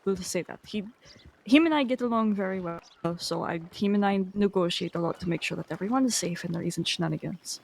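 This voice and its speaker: Animated woman telling a story. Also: medium pitch, a little fast, creaky. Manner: animated storyteller, acts out the other man's lines. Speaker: roleplay game player. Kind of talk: in-character storytelling.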